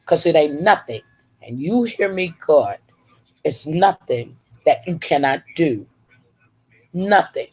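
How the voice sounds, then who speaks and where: A woman's voice: sits low, darkish tone, slightly rough. A middle-aged woman, giving an emphatic, preachy testimony on a live stream. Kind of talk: encouraging testimony.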